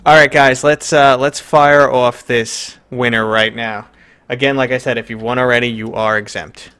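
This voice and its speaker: A man's voice: medium pitch, steady tone, normal speed, bright, forceful tone, clean tone. A man with a New York accent hosting a live stream, chatting loosely and joking with lots of fillers. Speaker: streamer host. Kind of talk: casual live-stream chat.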